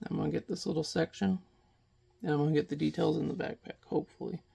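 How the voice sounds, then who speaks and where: A man in his thirties talks casually as he paints at home, rambling along with a joking tone and the odd swear word. His voice sits slightly high and has a gravelly, fry-heavy texture. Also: steady tone, fast, warm tone. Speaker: painting vlogger. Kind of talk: casual chat while painting.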